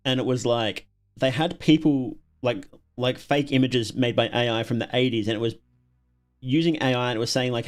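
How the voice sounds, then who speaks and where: A man's voice: medium pitch, fairly quick. An Australian man hosting a casual livestream, reacting to videos and chatting with viewers, often chuckling and repeating words as he thinks.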